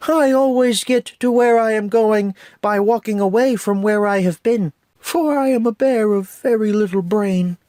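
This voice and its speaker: A man voicing a gentle, simple-minded stuffed bear in a soft, high voice. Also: moderate pace, hardly any pauses, dry recording, clean studio sound, lightly acted.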